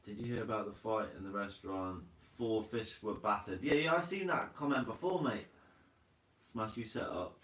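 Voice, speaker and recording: Host type, guy, low-ish voice, easygoing and chatty, mic set back in an echoey room. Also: moderate pace, fairly bright tone. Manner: laid-back, chatty, laughs often, says mate a lot. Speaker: live stream host. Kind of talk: casual live chat reading viewer comments. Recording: roomy sound from a distant mic.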